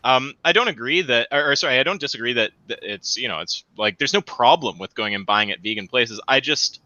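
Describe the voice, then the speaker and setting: A man hosting a casual online panel chat, joking and stumbling over quick restarts. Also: medium pitch, lively intonation, pushed and bright, no room sound, lo-fi sound. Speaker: host moderating a panel.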